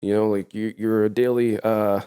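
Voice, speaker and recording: A man's voice: on the low side, level tone, normal speed, warm tone, clean tone. A man with an American accent, hosting a casual chat and rambling with many fillers. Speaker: host.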